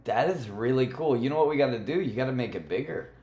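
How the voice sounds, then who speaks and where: A man's voice: mid-range voice, animated, fast, mellow. A man livestreaming a game, chatting playfully and teasing his viewers. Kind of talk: casual gaming livestream chat. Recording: roomy echo with faint music.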